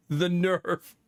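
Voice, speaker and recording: A man in his thirties chatting casually with viewers on a livestream, telling funny stories about his kids and laughing often. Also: high voice. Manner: animated storytelling with frequent laughter. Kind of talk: casual chat reading viewer comments.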